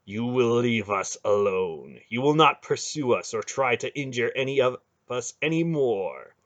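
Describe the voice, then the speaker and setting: A man voicing a young male sorcerer who speaks slowly and with quiet, cold menace. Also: medium pitch, expressive, lo-fi sound, natural voice. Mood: menacing. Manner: slow, deliberate and quietly threatening.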